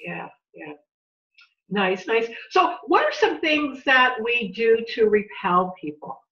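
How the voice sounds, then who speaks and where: A woman's voice: on the high side, big pitch swings, slow, pushed and bright. Woman host on a distant-sounding call. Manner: reflective, asks open questions. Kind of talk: casual interview over video call. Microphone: video call. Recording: distant, dull video call audio.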